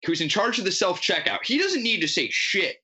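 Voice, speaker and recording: A young man co-hosting a comedy podcast, laid back, telling stories with deadpan asides. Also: high voice, a little fast, husky. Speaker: podcast co-host. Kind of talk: casual comedic chat.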